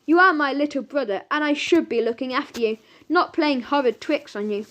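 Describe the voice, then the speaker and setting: A woman's voice: sits high, fairly quick, a bit bright. A woman voicing an apologetic older sister in a children's audiobook, speaking earnestly. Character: remorseful older sister, once bossy girl.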